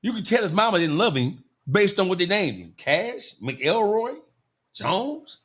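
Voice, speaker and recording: A podcast host on a heated, profane rant, mocking his target with relish. His voice is high and swings widely in pitch, rising and dropping as he works himself up. The tone is excitable throughout. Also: fairly quick.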